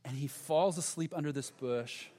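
A pastor preaching a sermon to his congregation, animated and conversational, with dramatic pauses. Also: a little high. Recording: long hall reverb.

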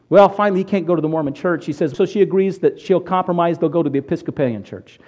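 A man preaching a sermon on radio, telling a story with lively acted-out quotes. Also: a little high, fast, few pauses, dull audio. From United States. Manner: animated storyteller, acts out quotes. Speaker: pastor. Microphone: radio broadcast recording.

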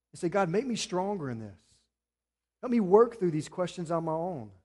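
Male pastor, higher voice, sermon with rising emphasis and quiet asides. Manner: preaching with rising emphasis, then dropping to quiet appeals.

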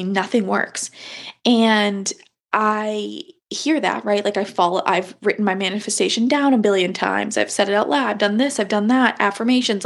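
A young woman hosts a casual spiritual podcast, talking to her listeners in an animated, chatty monologue. Her voice is husky with a gravelly edge, and now and then she breaks off to yawn. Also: medium pitch. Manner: animated, chatty, frequent yawns and gasps. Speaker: podcast host.

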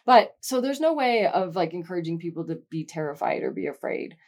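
A woman's voice: on the low side, lively intonation, fairly quick, a little mellow. A middle-aged woman co-hosting a podcast in casual chat, frank and reflective, swearing now and then. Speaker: podcast co-host.

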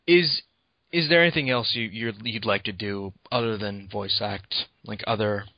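A man's voice: on the low side, normal speed, dry recording, highs cut off. A man interviewing a guest casually, hesitant and full of ums.

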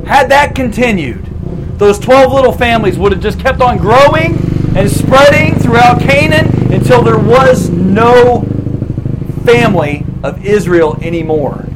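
A man preaching a sermon as a lively story, retelling scripture in casual words and acting out quotes. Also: extremely high pitch, very noisy. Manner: animated, casual retelling with quick acted quotes.

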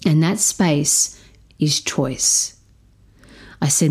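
A woman telling a story about parenting her stepdaughter, speaking in a slow, measured, reflective way. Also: sits low, dark tone. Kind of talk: storytelling talk.

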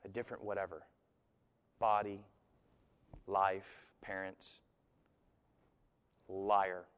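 A male pastor preaching an animated sermon that swings from soft to loud, with voices acted into the quotes. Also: mid-range voice, moderate pace. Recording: long hall reverb.

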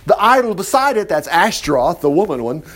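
A middle-aged man preaching, reading a Bible story aloud and breaking off with chuckling, animated commentary. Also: high voice, brisk. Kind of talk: Bible reading with lively asides.

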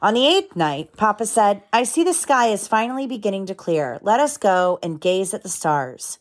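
A woman's voice: medium pitch, very animated. Mother reading a picture book aloud. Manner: pauses to explain the story to children in plain words. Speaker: mother reading to her children.

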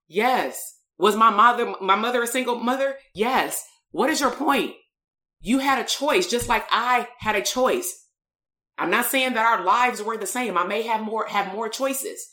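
A woman who works as a coach and therapist gives a live-streamed motivational talk in a mid-range, sharp-toned voice with noticeable reverb. She's blunt and emphatic, tells stories, and swears casually.

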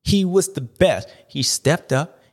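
A man's voice: fairly high pitch, animated, slow. A man hosting a race recap show, riffing in playful slang and repeating his catchphrases. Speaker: host of a supercross recap show. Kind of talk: animated casual commentary.

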